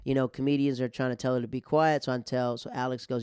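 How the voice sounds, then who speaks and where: A man's voice: mid-range voice, flat delivery, fast talker, darkish tone, clear, resonant tone, no room sound, clean studio sound. A male comedian and podcast host telling a casual, rambling story with many restarts and fillers.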